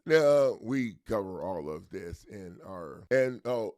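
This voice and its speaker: A man hosting a rambling live stream about selling lawsuit packets, jumping between loud outbursts and low mutters. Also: vocal fry, no echo, clean studio sound. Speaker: host selling legal packets.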